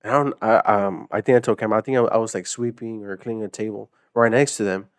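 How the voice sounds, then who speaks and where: A man's voice: fairly low pitch, steady tone, fast talker, clean tone, no echo, clean studio sound. A young man, a guest on a podcast, telling stories in a rambling, casual way full of fillers and laughter. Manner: rambling storyteller, many fillers, laughing often. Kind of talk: casual chat.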